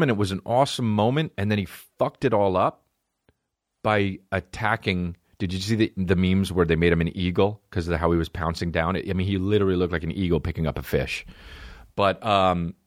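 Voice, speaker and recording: A man's voice: sits low, moderate pace, dry recording, studio quality. A man hosting a comedy podcast, riffing in a rambling, profane monologue. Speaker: podcast host. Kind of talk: stand-up style comedy monologue.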